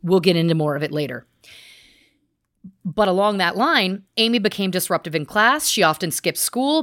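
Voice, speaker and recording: A woman's voice: lowish voice, lively intonation, moderate pace, fairly bright tone, no echo, studio quality. A woman podcast host recounting research in a chatty, casual way, full of asides. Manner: chatty, speaks in asides and restarts. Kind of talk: casual storytelling chat.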